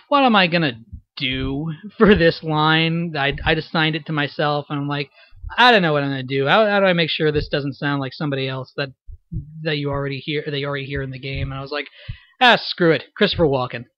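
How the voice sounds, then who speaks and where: A man's voice: on the high side, fairly even intonation, a little fast, no echo, muffled recording. A young man giving a loose, rambling commentary, full of fillers and restarts, about the cast of a fan voice project. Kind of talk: unscripted spoken commentary.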